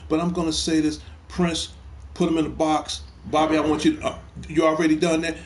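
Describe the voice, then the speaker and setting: A man's voice: a little high, flat delivery, brisk, slight background noise. A middle-aged man hosts a gaming talk stream, speaking emphatically and repeating himself while addressing a troll. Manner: emphatic, repeats phrases, heated toward a troll. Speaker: host of a gaming talk show. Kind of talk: casual live stream talk.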